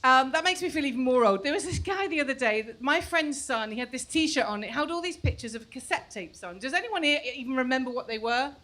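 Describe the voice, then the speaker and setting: A woman in her forties doing a stand-up comedy set on a club stage, chatty and self-mocking, sometimes mimicking her kids in shrill voices. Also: animated, fast talker, few pauses, fairly bright tone. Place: comedy club stage before a live audience.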